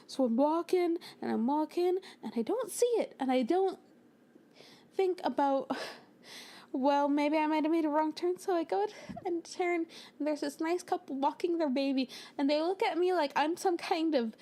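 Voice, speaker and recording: A young woman from the United States, telling a storytime over a speedpaint in an animated way. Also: sits high, moderate pace. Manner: animated, acts out quoted lines with little voices and laughs. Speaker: storytime narrator.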